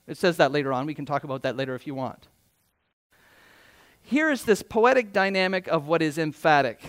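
A man's voice: on the high side, a bit bright. A middle-aged man preaching a sermon in church, with a conversational yet emphatic style and many rhetorical questions. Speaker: pastor.

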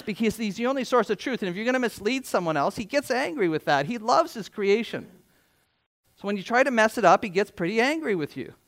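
A man's voice: high voice, fairly bright tone. A middle-aged man preaching a sermon in church, with a conversational yet emphatic style and many rhetorical questions. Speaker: pastor.

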